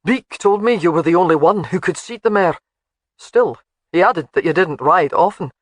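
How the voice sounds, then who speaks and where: A narrator voicing a proud, commanding Highland laird who barks orders at his wife and his men, in a storybook reading. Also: expressive, normal speed, no echo, close to an everyday voice. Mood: firm.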